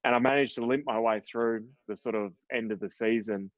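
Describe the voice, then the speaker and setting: A man's voice: medium pitch, fairly even intonation, a little fast, no room sound. A young Australian man with an Australian accent, a professional golfer telling rambling stories with fillers and swearing as a guest in a casual interview. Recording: dull, dry podcast audio.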